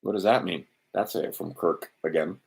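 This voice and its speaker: Scrolling through documents on his livestream, this host meanders and talks to himself, speaking bluntly and sometimes cursing. His voice sits low and gravelly with a breathy edge, at an ordinary pace.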